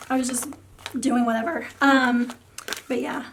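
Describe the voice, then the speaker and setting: A young woman with a high voice talks casually to her viewers, her throat sore and worn. She rambles through her thoughts with plenty of fillers and lets her sentences fade off softly. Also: slow, vocal fry, noisy background. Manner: rambling, many fillers and soft trailing words. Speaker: photocard collecting vlogger. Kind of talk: casual rambling vlog talk.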